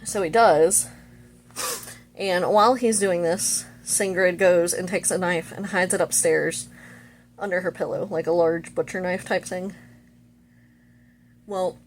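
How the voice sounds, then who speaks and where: A woman's voice: fairly low pitch, fairly even intonation, a little slow, long pauses, slight background noise. A young woman vlogger casually retelling a movie plot, chatty and full of fillers.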